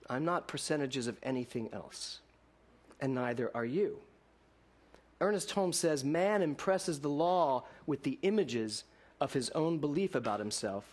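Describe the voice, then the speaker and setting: A male minister giving a sermon in a lively storytelling way, mixing laughter and rhetorical questions for his congregation. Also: on the high side.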